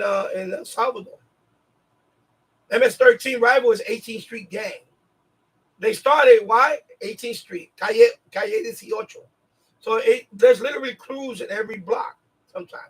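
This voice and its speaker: High-voiced New York man, husky and distant. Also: fairly bright tone. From New York City. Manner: rambling, laughs often, many restarts. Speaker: live-stream host. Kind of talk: casual storytelling chat.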